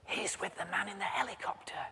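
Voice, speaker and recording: A man putting on the hushed whisper of a small boy answering the phone. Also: high voice, brisk, gravelly, slight background noise, exaggerated voice. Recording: reverberant hall.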